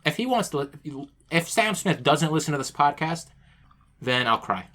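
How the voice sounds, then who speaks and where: A man's voice: a little high, very animated, moderate pace, pushed and bright. A young man co-hosting a casual podcast, laughing often and joking crudely with stammered restarts. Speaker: podcast co-host. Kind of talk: casual chat.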